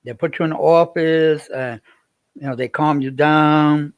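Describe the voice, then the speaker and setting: A man's voice: a little high, steady tone, unhurried, no room sound, lo-fi sound. A man, livestreaming and chatting with viewers in a rambling way, repeating himself as he tells a story. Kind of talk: casual livestream chat.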